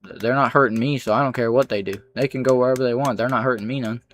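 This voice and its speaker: A man's voice: mid-range voice, fairly even intonation, fast, fairly bright tone, slight background noise. Dry, sarcastic male streamer. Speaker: livestreamer. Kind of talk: reading out live chat comments.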